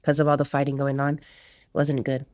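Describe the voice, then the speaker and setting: A woman's voice: rumbling low, completely flat delivery, moderate pace, darkish tone, dry recording. Dry-voiced woman telling her story. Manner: casual storytelling, acting out others' words. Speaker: podcast guest. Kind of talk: candid life-story interview.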